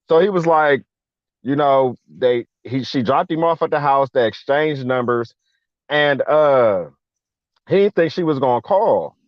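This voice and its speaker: In a casual chat, a guest veteran takes his time telling a long personal story in a mid-range voice. He's lively and slangy, putting on voices for everyone he quotes, captured in a dry, dull, lo-fi recording.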